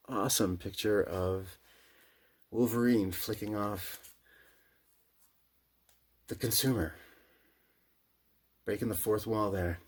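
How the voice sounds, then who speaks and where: A man's voice: lowish voice, steady tone, slow, pauses often, husky. A man with a Midwestern accent, chatting casually and enthusiastically about his comic book collection, slangy and profane, rambling with restarts. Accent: Midwestern American. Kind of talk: casual chat.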